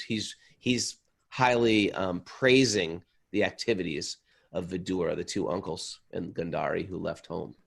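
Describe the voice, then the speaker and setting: A man with a gravelly, slightly husky voice leads a relaxed scripture class. He talks in an animated, joking way and now and then acts out quick little voices. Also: fairly low pitch. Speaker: spiritual teacher.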